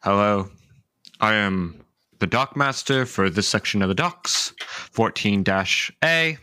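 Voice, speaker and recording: A man's voice: lowish voice, animated, slow, sharp tone, dry recording, clean studio sound, heavily acted. A man voicing an officious male dockmaster who makes stiff, formal requests.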